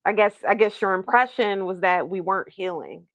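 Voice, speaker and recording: A woman of middle pitch interviewing a podcast host on a video call. She asks probing questions in a casual, encouraging tone. The sound is dry. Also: moderate pace, a bit bright, dry recording, dull audio. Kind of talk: casual conversation.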